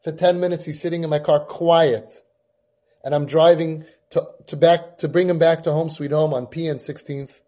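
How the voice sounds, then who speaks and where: A man's voice: on the high side, steady tone, normal speed, dark tone. A man hosting a parenting podcast, telling a long personal story with Yiddish and Hebrew terms. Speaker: podcast host and parenting guide. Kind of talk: storytelling talk.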